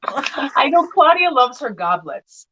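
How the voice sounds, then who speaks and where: A woman's voice: sits high, sing-song, slow pace, lo-fi sound, crowd noise. A woman selling vintage glass on a live sale, chatting and telling stories with playful voiced quotes.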